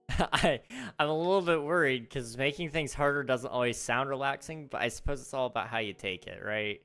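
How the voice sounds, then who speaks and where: A young man chats casually while hosting a live gaming stream, laughing often as he reads his chat aloud. His voice sits at a middling pitch, with faint music playing behind him. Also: normal speed, a bit bright, smooth. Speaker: livestream host.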